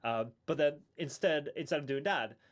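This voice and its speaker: A man's voice: a little high, moderate pace. A man chatting casually on a live stream, rambling with many restarts and chuckles.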